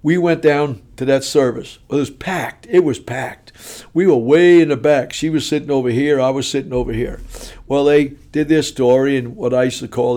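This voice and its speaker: A man giving his personal testimony from the pulpit, telling the story in a punchy, animated, folksy way. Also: mid-range voice.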